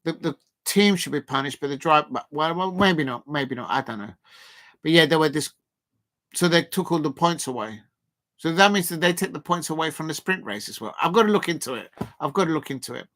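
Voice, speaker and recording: A man's voice: a little high, animated, a little fast, fairly bright tone. A man hosting a casual live stream, reading out viewer comments and rambling with lots of fillers and restarts.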